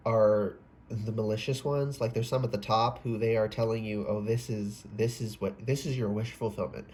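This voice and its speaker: A man's voice: mid-range voice, mellow, a little hiss or hum. A man giving a casual, rambling tarot reading, often breaking off mid-sentence, swearing and exclaiming. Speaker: tarot reader.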